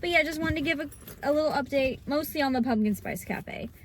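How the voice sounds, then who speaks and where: A woman's voice: high voice, brisk. A young woman chatting casually in a book vlog, bubbly and full of fillers. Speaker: book vlogger.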